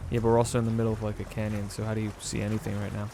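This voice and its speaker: A man's voice: on the low side, completely flat delivery, very fast, noisy background. A man giving casual, sarcastic running commentary while playing a video game, often exasperated. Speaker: gaming video host. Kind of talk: casual let's-play commentary.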